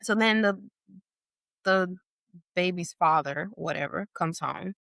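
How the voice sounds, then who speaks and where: She takes her time, her voice carrying some vocal fry, as she recounts a tale while co-hosting a podcast. Her delivery is animated, full of "like" and "or whatever," and she performs other people's lines in a raised voice. It's a dry, clean studio recording.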